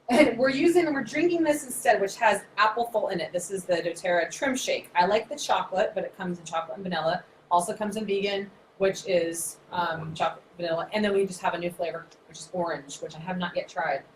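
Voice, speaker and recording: Animated, chatty woman in her thirties. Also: medium pitch. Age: 30s. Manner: animated, chatty, self-described nerdy. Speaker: naturopath presenter. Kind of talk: casual explanatory talk. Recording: echoey room, faint noise.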